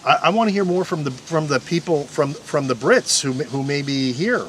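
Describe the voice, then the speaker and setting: A man's voice: fairly high pitch, expressive, moderate pace, fairly bright tone, slight background noise. A man hosting a paranormal investigation outdoors, talking casually to the viewers with rambling asides and restarts. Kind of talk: casual on-camera commentary. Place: outdoors in a historic park field.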